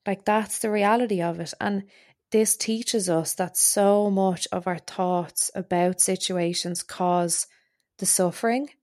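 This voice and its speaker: A woman's voice: medium pitch, steady tone, measured pace, a little mellow, dry recording, clean studio sound. A young adult woman hosting a podcast, talking casually and explaining a method step by step, with many fillers. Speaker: podcast host. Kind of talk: casual self-help talk.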